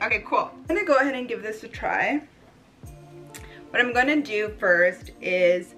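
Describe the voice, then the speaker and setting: A young woman chatting excitedly in a casual home beauty vlog, gushing and bubbly. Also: mid-range voice, normal speed, soft background music. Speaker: beauty vlogger.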